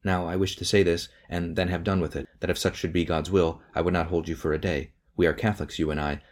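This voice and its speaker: An earnest, devout young woman from an audiobook tale, pleading with a voice that shakes, as a man reads her lines. Her tone is anxious and tender, though it sits fairly low. It is a storybook reading. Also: little pitch movement, fast. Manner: pleading, voice shaking.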